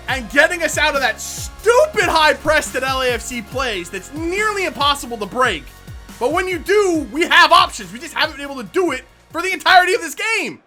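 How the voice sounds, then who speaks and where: A man commentating his own football video game match, muttering in frustration and shouting out at goals and bad calls. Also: very high voice, sing-song, a little fast, music in the background. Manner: frustrated muttering between outbursts. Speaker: gaming YouTuber. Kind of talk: live gameplay commentary.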